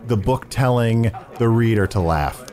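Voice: medium pitch, unhurried, darkish tone. A host of an improvised comedy podcast, talking in a playful, hesitant, questioning way.

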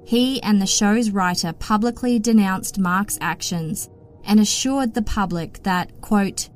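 A woman hosts a true-crime podcast, telling the case in a steady, matter-of-fact scripted narration. Her voice sits at a middle pitch, with soft music faintly behind it. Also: a little slow. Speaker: podcast host.

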